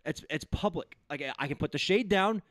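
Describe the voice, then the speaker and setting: A man's voice: a little high, fairly quick, dry recording. A man with a New England accent, co-hosting a casual podcast and telling wry stories. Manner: lively, wry storytelling. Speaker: podcast co-host. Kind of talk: casual chat.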